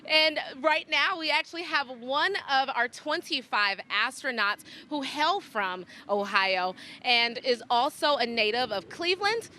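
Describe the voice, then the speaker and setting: Bright, upbeat woman host for a TV feature segment. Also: high voice, expressive, measured pace, hardly any pauses, slight background noise. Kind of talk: broadcast interview and feature narration.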